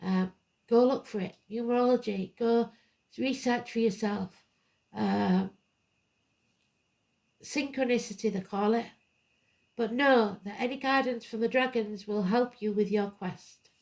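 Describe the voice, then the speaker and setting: A woman's voice: on the high side, unhurried, creaky, long pauses, darkish tone. A woman giving a live tarot card reading, blunt and emphatic, drifting into rambling asides. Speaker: tarot reader.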